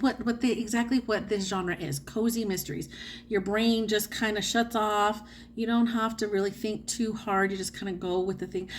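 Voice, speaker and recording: There's a little hiss or hum on the recording of this mid-range voice. An American book vlogger, she chats casually about her reading, laughs readily and keeps correcting herself.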